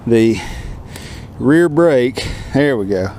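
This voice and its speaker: A man's voice: medium pitch, expressive, very slow. Breathless Southern man vlogging by bike. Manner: folksy, self-deprecating, talks to viewers as y'all. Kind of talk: casual vlog narration while cycling. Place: outdoors on a bicycle by the road. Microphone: action camera. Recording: loud road and traffic noise.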